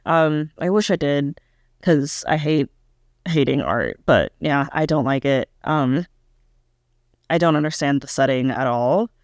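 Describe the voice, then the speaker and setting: A woman's voice: sits low, expressive, measured pace, darkish tone, no echo, clean studio sound. A young woman giving a casual, candid reaction review of a pop album, hesitant and full of "um" and "like" as she thinks aloud. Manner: candid, self-questioning critique.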